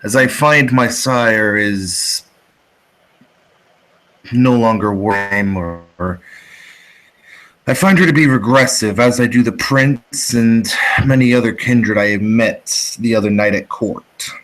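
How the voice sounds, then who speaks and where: A man voicing a solemn vampire aristocrat in a tabletop game, formal and measured, slow and deliberate, lowish voice. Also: a bit bright, rough recording. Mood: disappointed, grave. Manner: formal, measured, old-fashioned phrasing. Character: grave, disillusioned male vampire neonate. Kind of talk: tabletop role-play in character.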